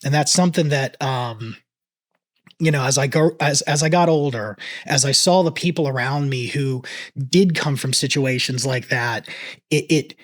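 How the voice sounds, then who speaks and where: A man in his thirties gives an earnest, reflective reaction commentary, choked up and talking in halting bursts. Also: medium pitch. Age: 30s. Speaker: reaction video host.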